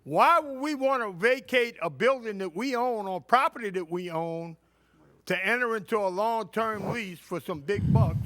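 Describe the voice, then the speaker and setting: A man's voice: high voice, bright, forceful tone, dry recording. A man from Louisiana making an indignant public comment at a city council meeting, asking pointed rhetorical questions. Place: council chamber.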